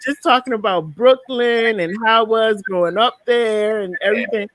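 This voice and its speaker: A woman's voice: a little high, normal speed, no room sound. Chatty woman hosting a live talk show. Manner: chatty, animated storyteller. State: tired at the end of the night. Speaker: show host. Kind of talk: casual show chat.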